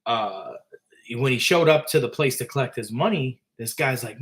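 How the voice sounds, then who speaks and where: A man's voice: medium pitch, animated, moderate pace, a bit bright. A man retelling a story in a casual, rambling way, full of fillers and restarts. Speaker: author and storyteller.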